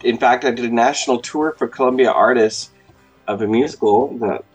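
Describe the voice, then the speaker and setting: A man's voice: mid-range voice, fairly quick, breathy edge, soft background music. A man hosting a casual chat and teasing his guest with dry, comic jokes. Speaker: host.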